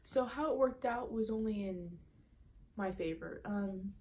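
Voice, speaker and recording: A woman's voice: mid-range voice, unhurried, a little mellow. Chatty teenage girl telling a story. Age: late teens. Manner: chatty, full of "um" and "like". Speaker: vlogger. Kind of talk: storytelling vlog.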